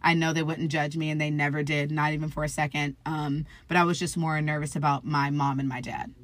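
A woman's voice: deep voice, flat delivery, a little fast. A woman in her twenties in a casual interview, telling a personal story in a chatty way, full of fillers and acted-out quotes. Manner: chatty, filler-heavy, acts out quoted voices. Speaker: guest.

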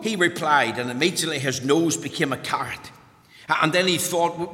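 Bright-voiced man telling a children's story. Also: fairly high pitch, moderate pace. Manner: lively, addresses children with questions. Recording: long hall reverb.

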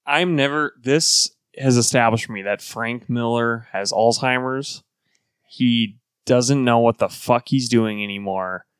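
Male podcast co-host, smooth resonant voice, laughing comic chat, dry room. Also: mid-range voice, a little slow, no room sound. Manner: laughing, quotes characters in put-on voices. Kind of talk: casual comic book review chat.

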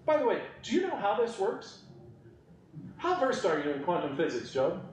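A man reading as a mighty God firing questions from a storm, slowed and emphatic, with a lively rising pitch. It sounds like a very echoey room with the mic set some way back. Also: far from the mic, slight background noise. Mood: playful boasting.

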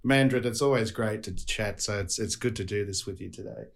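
A man's voice: lowish voice, a little fast, creaky. A man with an Australian accent, a priest speaking earnestly as a podcast guest and leading a closing prayer. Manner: earnest, addresses listeners as friends.

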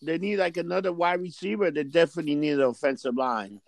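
A man's voice: on the high side, fast talker, vocal fry, no room sound. A man in casual chat, rambling and swearing with lots of fillers. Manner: laid-back, profane, rambling with fillers.

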